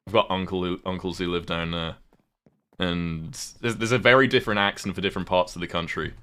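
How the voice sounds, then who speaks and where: A man's voice: low voice, steady tone, brisk, pushed and bright, smooth. A British man chatting casually on a livestream while gaming, rambling, swearing offhand and thanking viewers. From United Kingdom.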